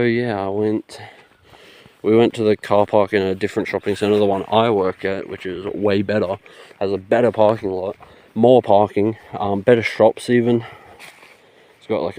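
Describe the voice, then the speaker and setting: A man's voice: on the low side, darkish tone. A young man, rambling through a casual story into his phone, laughing and swearing as he goes. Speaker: vlogger. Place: outdoors.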